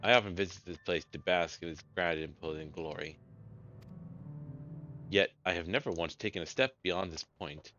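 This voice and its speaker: A man voicing a calm, polite male jewelry artisan who speaks in a courteous, measured way. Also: low-pitched, lo-fi sound, slight background noise. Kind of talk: voicing game dialogue.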